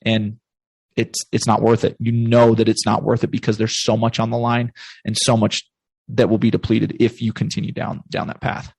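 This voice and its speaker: A man's voice: fairly low pitch, monotone, moderate pace, gravelly, a little mellow, slightly rough, no room sound. A male podcast guest speaking in an emphatic, motivational way and often playing out little bits of inner self-talk. His talk is casual and full of "like" and "dude". The recording is dry and close, with no room sound.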